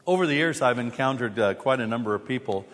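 An American man preaches from a church pulpit. He talks in a halting, easygoing way, full of fillers and restarts, with wry asides. His voice carries a long hall reverb. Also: mid-range voice, expressive, a bit bright. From United States. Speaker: visiting preacher. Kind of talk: sermon with scripture reading.

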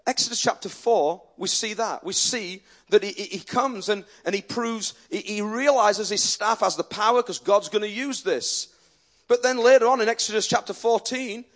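A male preacher delivering a sermon, telling stories and quoting people, animated and often repeating words. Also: very high-pitched. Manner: animated, repeats words when excited, quotes others in his stories. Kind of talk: sermon with storytelling.

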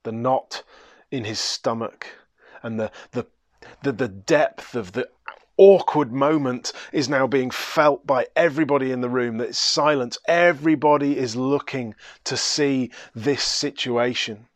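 A man preaching, telling a story dramatically and swinging from hushed to loud. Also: medium pitch, a little slow, dry recording, studio quality. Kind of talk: sermon storytelling.

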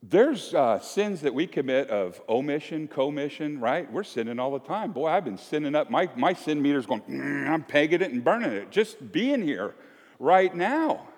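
A man's voice: a little high, sing-song, normal speed, a little mellow. A man preaching a chatty, joking sermon to his congregation, acting out little scenes as he goes. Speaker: pastor. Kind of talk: conversational sermon. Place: church sanctuary. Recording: echoey church hall.

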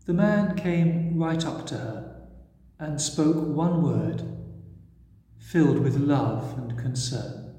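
A man preaching, retelling a story gently and expressively before leading a prayer. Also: fairly high pitch, takes it slowly. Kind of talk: sermon storytelling. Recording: echoey church hall.

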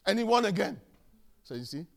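A man preaching a sermon, emphatic and animated, telling stories and repeating key phrases. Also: high-pitched, a little fast, vocal fry. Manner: animated storytelling, acting out dialogue.

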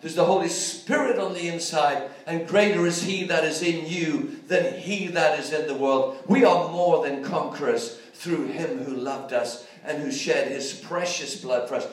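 A man with a high voice preaches a sermon, moving from quiet reflection to fervent exhortation. His voice rings through a very echoey space and sits some distance from the mic. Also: measured pace, few pauses.

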